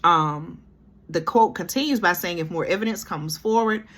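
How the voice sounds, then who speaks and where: A woman's voice: fairly low pitch, normal speed, a bit bright. A woman from Georgia, commenting on a news article she reads aloud, breaking in often with "okay?" and "y'all". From Georgia, USA. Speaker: commentary vlogger.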